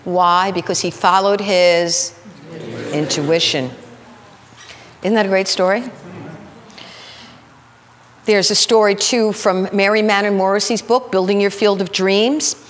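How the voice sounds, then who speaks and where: A woman minister telling stories in a sermon, acting out the people in them with lively shifts of voice. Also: mid-range voice, unhurried, pauses often, big-room sound, a little hiss or hum. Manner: animated, acts out the people in her stories. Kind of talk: storytelling sermon. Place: spiritual center sanctuary.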